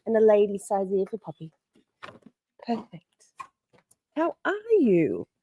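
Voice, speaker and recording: A woman's voice: medium pitch, sing-song, takes it slowly, vocal fry, phone-quality sound, a little hiss or hum. An Australian woman hosting a casual livestream from home, bubbly and swearing freely as she greets viewers by name. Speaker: livestream host. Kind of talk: casual live-stream chat with viewers.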